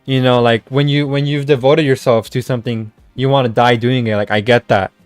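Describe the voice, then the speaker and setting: Man, casual rant, stammering restarts, swears freely, dry close sound, middle pitch. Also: fairly even intonation, a little fast, clear, resonant tone, dry recording, faint music behind. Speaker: streamer.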